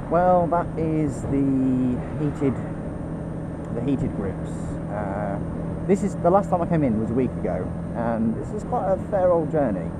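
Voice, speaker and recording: A man talks through a ride in a loose, rambling way, often stopping to correct himself. His voice sits a little high for a man. Heavy wind and road roar from the bike almost bury him on a helmet mic. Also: animated, measured pace. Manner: chatty, self-correcting, talks to the viewer while riding. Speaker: motorcycle vlogger. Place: riding a motorbike on roads. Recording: loud wind and road noise.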